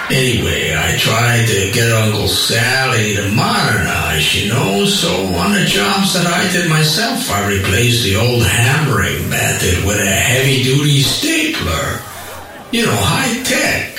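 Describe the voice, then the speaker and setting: A man's voice: mid-range voice, heavy reverb, distant mic, rough recording. A man doing a stand-up routine, telling stories with wisecracks. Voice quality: animated storytelling, wisecracking. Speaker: stand-up comedian.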